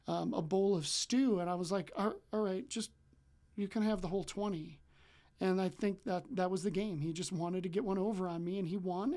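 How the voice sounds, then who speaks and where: A man in his forties from Wisconsin, working as a coach, tells a story from his own life. He talks loosely and chattily, with plenty of ums and likes. His voice jumps up when he acts out the lines of the people in the story. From Wisconsin, USA. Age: 40s. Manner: acts out remembered dialogue with jumps in pitch and loudness. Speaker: relationship coach. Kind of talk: casual personal storytelling.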